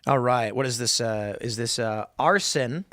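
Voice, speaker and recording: A man's voice: medium pitch, measured pace, a bit bright, no echo, studio quality. A man hosting a live show, chatting casually and rambling, reading viewer comments aloud and slipping into mock voices for asides. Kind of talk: casual livestream chat.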